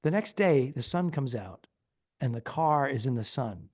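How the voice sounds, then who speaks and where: A man's voice: medium pitch, animated, moderate pace, a little mellow, no echo, clean studio sound. A man co-hosting a comedy podcast, telling a long rambling story in casual chat and acting out the people in it. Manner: rambling anecdote, acts out quoted people. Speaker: podcast co-host.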